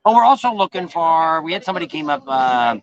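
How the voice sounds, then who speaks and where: A man's voice: fairly high pitch, sing-song, fast, dull audio, crowd noise. A man hosting a casual live-stream travel vlog, rambling and folksy, often correcting himself. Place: noisy bar with a crowd.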